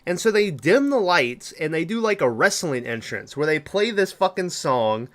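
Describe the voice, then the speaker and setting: A man's voice: a little high, big pitch swings, normal speed, a bit bright. A man hosting a podcast, recapping a film's plot in a loose, rambling way with lots of swearing. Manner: loose, profane, rambling storytelling with fillers. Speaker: podcast host. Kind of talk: casual movie review recap.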